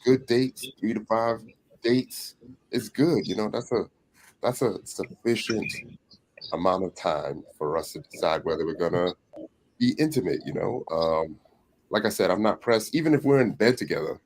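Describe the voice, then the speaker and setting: A man speaking as a guest on a panel show, laid-back and relaxed, often saying "you know.". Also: lowish voice, moderate pace, low-quality recording. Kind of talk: casual panel chat.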